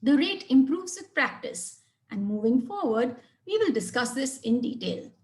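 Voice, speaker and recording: Woman teaching a webinar, higher voice. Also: very animated. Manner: clear, measured explanation with stressed example sentences. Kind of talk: webinar lecture.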